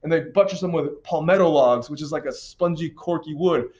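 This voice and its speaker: An American man teaching history in a casual, slangy, animated lecture over slides, recorded with dull lo-fi sound. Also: fairly high pitch, brisk.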